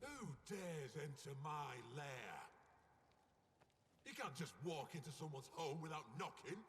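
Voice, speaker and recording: A haughty, irate old turtle with an English accent in a video game, high and bright, swinging wildly in pitch. His lines ring out with a long reverb over faint game music. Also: lively intonation, a little slow, background noise. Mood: indignant. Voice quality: haughty, indignant, shouting bursts. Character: grumpy, rude old male turtle.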